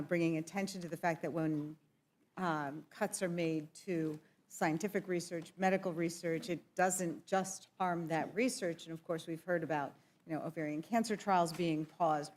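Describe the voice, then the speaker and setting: A woman's voice: low-pitched, slight background noise. A woman on a congressional committee, speaking earnestly with fillers while losing her voice. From southeastern Pennsylvania. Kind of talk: committee hearing remarks. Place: hearing room.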